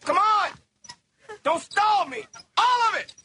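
An actor playing an aggressive armed robber who barks threatening orders, heard from a noisy movie clip. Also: male voice, very high voice, animated, takes it slowly, full character voice. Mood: menacing.

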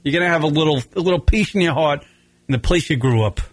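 A man's voice: on the high side, fast talker, heavy background noise. A man from Long Island hosting a casual comedy radio show, rambling and swearing as he tells stories. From Long Island, New York. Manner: profane, rambling, animated storytelling.

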